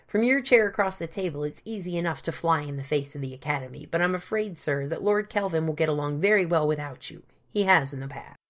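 A dismissive, stubborn academy secretary, voiced by a woman answers in dry, clipped skepticism. The voice is fairly low and unimpressed. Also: expressive, fast talker, few pauses. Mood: skeptical.

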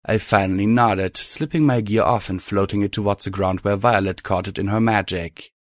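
Low-voiced man reading a story. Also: moderate pace, dry recording, studio quality. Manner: steady first-person storytelling. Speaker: narrator. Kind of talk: audiobook reading of fan fiction.

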